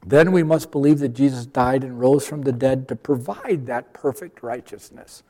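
An older man giving a sermon, telling a story and acting out the dialogue as he goes. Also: normal speed. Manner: storytelling, acts out dialogues with lively pitch jumps. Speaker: preacher. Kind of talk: sermon with acted-out stories. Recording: long reverb of a large hall.

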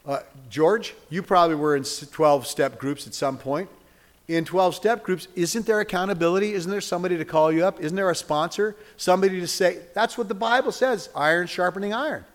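Fervent preacher man in a reverberant hall. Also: high-pitched. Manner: conversational, teasing the congregation by name, rising to fervent exhortation. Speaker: pastor. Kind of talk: sermon with closing prayer.

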